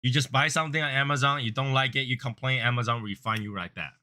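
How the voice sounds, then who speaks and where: Bright-voiced man in casual chat. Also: steady tone, quick pace. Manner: rambling, earnest and preachy, repeats himself; grows louder and higher when acting out angry callers. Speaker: cigar review host.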